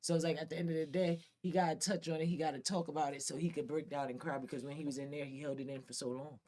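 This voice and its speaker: A woman's voice: sits low, fairly even intonation, fast, warm tone. A woman speaking earnestly and encouragingly in casual talk, with spiritual words of support. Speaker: daughter, guest.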